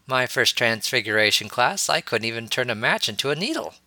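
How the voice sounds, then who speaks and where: A man's voice: mid-range voice, sing-song, brisk, pushed and bright, dry recording, heavily acted. A man voicing a playful, teasing young male wizard teacher, amused as he explains. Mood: teaching.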